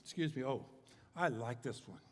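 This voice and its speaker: Rambling older preacher in a reverberant hall. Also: male voice, medium pitch, animated, moderate pace. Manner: rambling, joking, with many fillers and restarts. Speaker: guest preacher. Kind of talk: humorous sermon storytelling. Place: church sanctuary. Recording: long hall reverb in a church.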